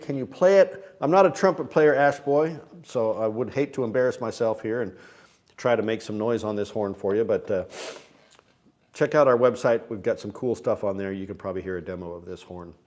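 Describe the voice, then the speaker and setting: A man's voice: mid-range voice, a little mellow. A man casually hosting a morning livestream, chatting with viewers and reading their comments aloud. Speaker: livestream host selling instruments. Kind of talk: casual live-stream chat.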